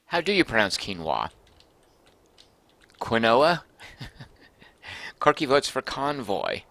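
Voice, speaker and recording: A man's voice: medium pitch, wildly swooping pitch, a little slow, creaky, sharp tone, no echo. A man casually commenting as he streams a game, thinking aloud and reading out viewer comments.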